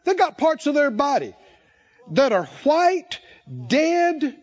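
A man's voice: very high voice, big pitch swings, takes it slowly, muffled recording. A man preaching a sermon, telling stories dramatically and acting out the voices of the people in them. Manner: dramatic storytelling, acting out voices, shouting peaks.

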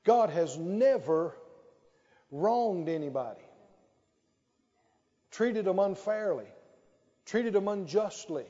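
Emphatic preacher in a reverberant hall. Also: male voice, sits high, expressive, warm tone. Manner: emphatic, drawn-out phrases with call-and-response. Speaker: pastor. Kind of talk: sermon. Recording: dull, lo-fi sound with long hall reverb.

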